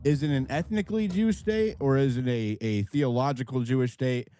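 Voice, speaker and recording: A man's voice: medium pitch, fairly quick, warm tone, slight background noise. A man hosting a live audio discussion, probing speakers with follow-up questions and insisting on distinctions. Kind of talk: moderating casual group discussion. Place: live audio chat room.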